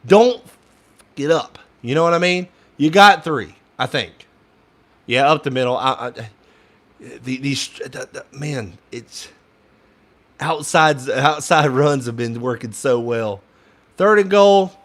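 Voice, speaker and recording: A man's voice: medium pitch, slow pace, fairly bright tone. A young man giving casual fan play-by-play commentary, frustrated and ranting at the play calling, sometimes swearing.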